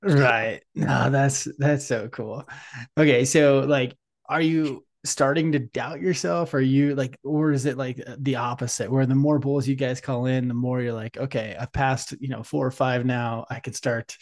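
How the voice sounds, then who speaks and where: Mid-pitched male podcast host. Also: steady tone, no room sound, clean studio sound. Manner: quick supportive interjections, laughs along. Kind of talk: casual interview chat.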